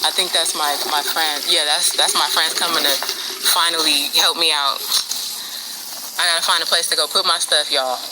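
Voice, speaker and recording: A woman's voice: sits low, fairly even intonation, normal speed. Upset woman venting on a noisy phone. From United States. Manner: blunt, profane, heated. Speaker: vlogger. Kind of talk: venting straight to viewers. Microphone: low-budget phone. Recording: loud background noise on a cheap phone.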